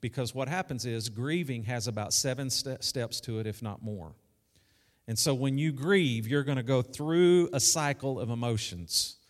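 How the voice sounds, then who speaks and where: A man's voice: medium pitch, normal speed. A man preaching a sermon as pastor, conversational, repeating key lines and calling out to the congregation. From South Arkansas. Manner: conversational preaching with repetition and call-outs. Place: church sanctuary. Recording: echoey church hall.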